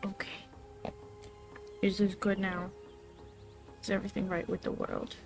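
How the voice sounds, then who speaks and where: A woman at a middle pitch with a lot of vocal fry talks in loose, casual gameplay commentary. She chats easily and turns aside to talk to her pet. Soft music plays faintly underneath. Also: level tone, moderate pace. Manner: chatty, talks to her pet between game moves. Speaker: streamer.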